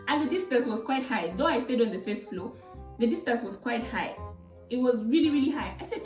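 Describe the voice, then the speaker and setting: A young woman from Zambia with a Zambian English accent, telling a story in an animated, exclamatory way for her vlog. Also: fairly high pitch, brisk. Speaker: YouTuber. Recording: roomy, distant mic, faint music.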